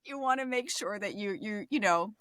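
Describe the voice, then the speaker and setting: A woman's voice: mid-range voice, lively intonation, normal speed, a loud crowd. A woman mentoring voice actors in a casual, encouraging way, laughing often. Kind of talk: casual advice.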